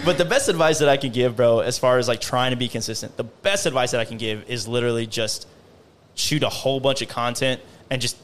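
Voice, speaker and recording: A man's voice: medium pitch, a little fast, fairly bright tone. A young man in casual podcast chat, telling stories in a loose, rambling way full of "bro" and "man". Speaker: guest creator.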